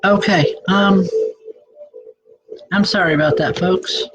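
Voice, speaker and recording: A woman hosting a call-in show, giving spiritual readings in a halting way, often restarting her sentences. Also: lowish voice, over music, rough recording. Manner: halting, frequent restarts and self-corrections. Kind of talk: live psychic reading.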